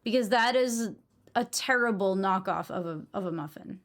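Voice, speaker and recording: A woman's voice: mid-range voice, moderate pace. A young woman from New England chatting casually with her live stream audience, blunt and given to swearing.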